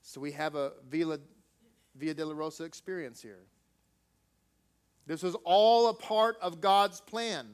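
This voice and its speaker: Male preacher, high voice, emphatic, peppers the sermon with rhetorical questions. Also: fairly even intonation, measured pace, pauses often, smooth.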